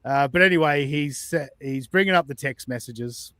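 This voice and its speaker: A man's voice: medium pitch, moderate pace, fairly bright tone, no echo, clean studio sound. A man hosting a podcast, casually reacting to clips, chatty, swearing and incredulous. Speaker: podcast host.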